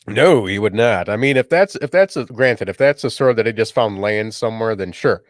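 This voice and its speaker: A man's voice: lowish voice, expressive, normal speed, no room sound. A man co-hosting a casual chat show, easygoing and laughing often. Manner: laughs often, drifts into goofy pirate voices. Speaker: podcast co-host.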